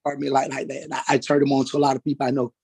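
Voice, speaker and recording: A man testifying as a witness in a courtroom, halting and repeating words as he goes. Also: mid-range voice, completely flat delivery, gravelly, darkish tone. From Atlanta, Georgia, US.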